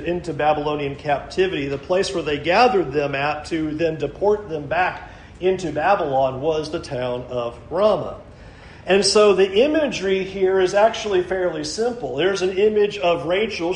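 A man's voice: high voice, echoey room, slight background noise, rough recording. A man preaching a sermon, working through scripture verse by verse and reading passages aloud. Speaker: pastor.

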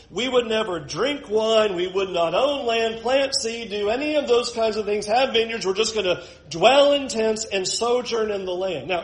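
A male pastor preaching a conversational sermon, moving between hushed asides and emphatic points. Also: high voice, poor audio.

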